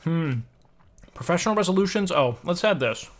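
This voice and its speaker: A man's voice: sits high, expressive, normal speed. A young man livestreaming, chatting casually and musing aloud to his chat, swearing now and then, at a home desk mic.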